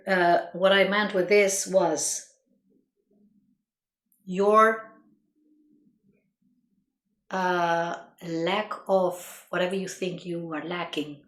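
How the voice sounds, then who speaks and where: A woman's voice: lowish voice, a bit bright. A woman giving an earnest reflective monologue as a motivational speaker, who repeats herself for emphasis and laughs at her own stories. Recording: roomy echo.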